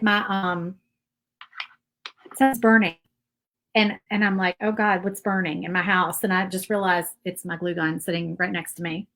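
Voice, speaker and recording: A woman's voice: mid-range voice, poor audio. Chatty woman giving a painting tutorial. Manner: chatty and rambling, thinks aloud with fillers and asides. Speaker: craft channel host. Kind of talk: casual painting tutorial chat.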